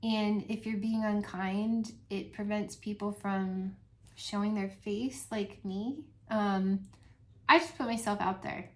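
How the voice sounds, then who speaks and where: Soft-spoken woman vlogging with frequent laughs. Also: mid-range voice. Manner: soft-spoken, laughs often, many ums. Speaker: channel host. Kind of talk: casual vlog chat to viewers.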